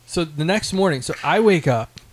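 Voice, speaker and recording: A lively man recounting a story among friends, his voice sitting a little high and jumping up when he acts out what someone said. He talks casually and swears freely. A faint hiss of noise runs underneath. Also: moderate pace, rough recording. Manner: animated storyteller, swears, acts out quoted lines. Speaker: podcast co-host telling a story. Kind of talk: casual chat.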